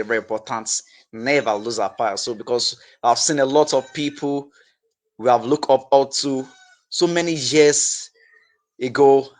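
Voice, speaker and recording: A man hosting an interview, asking questions and reflecting, with a halting delivery full of repeated words and restarts. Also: mid-range voice, fairly bright tone, poor audio. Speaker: interview host.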